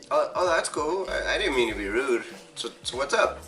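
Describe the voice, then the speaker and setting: A man's voice: mid-range voice, big pitch swings, normal speed, a bit bright, roomy sound. Easygoing guy in a comedy sketch, kinda far from the mic, music underneath. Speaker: sketch performer playing a parts store clerk.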